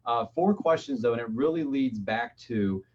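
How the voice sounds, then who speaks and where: A man's voice: medium pitch, lively intonation, moderate pace, darkish tone. A man explaining digital marketing as a webinar guest, speaking loosely with frequent restarts. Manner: loose, restarts often, uses filler phrases. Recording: dull lo-fi audio.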